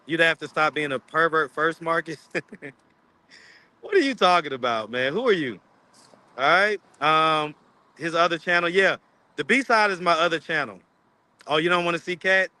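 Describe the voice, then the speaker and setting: A man's voice: on the high side, sharp tone. A man hosting a casual livestream chat, rambling and teasing his viewers. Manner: rambling, teasing, laughs often. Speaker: street interview channel host.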